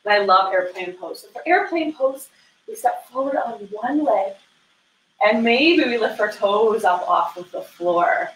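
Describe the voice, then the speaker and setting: High-voiced woman leading kids' yoga. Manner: gentle, playful step-by-step coaching for young children. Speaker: kids yoga instructor. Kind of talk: guided children's yoga class. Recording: roomy echo.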